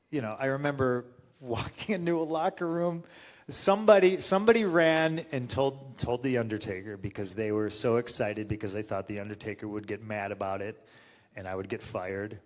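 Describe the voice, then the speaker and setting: A man as an interview guest, telling stories casually with lots of swearing and fillers. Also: on the low side. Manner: profane, animated retelling with lots of fillers.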